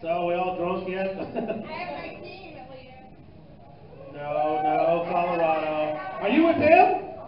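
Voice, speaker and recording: A man's voice: high-pitched, animated, slow pace, pauses often. A man doing a stand-up comedy set, loose and profane, teasing the crowd in a live club. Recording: echoey, distant, muffled club recording with noise.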